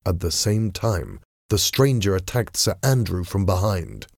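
A man reads a storybook aloud in a measured, deliberate way. His voice is low and gravelly. He reads very slowly. The sound is close and dry. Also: animated, a little mellow, no room sound. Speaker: narrator. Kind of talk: storybook reading.

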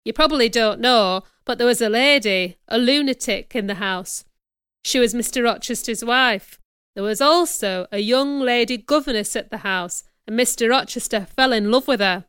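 Woman voicing calm storybook innkeeper, matter-of-fact, clear bright voice. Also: on the high side, moderate pace, no echo, clean studio sound, natural voice. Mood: explaining. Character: old male village innkeeper, plain-spoken and calm.

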